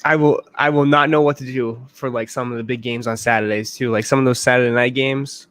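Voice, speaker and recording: A man's voice: mid-range voice, steady tone, brisk, a bit bright, smooth, dry recording. A man hosting a casual livestream chat, joking around and often repeating himself. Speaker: host.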